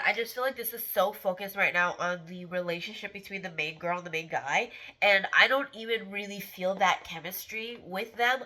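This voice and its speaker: A woman's voice: mid-range voice, sharp tone, low-quality recording. A woman book vlogger with a congested, stuffed-up voice, chatting candidly to camera. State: congested from the flu. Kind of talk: casual chat to camera.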